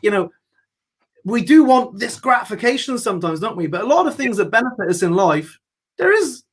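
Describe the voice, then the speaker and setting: Host: chatty male talker, high voice, laughs through his lines. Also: very animated, fairly quick, breathy edge. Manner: chatty, laughs often, swears casually. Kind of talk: casual chat.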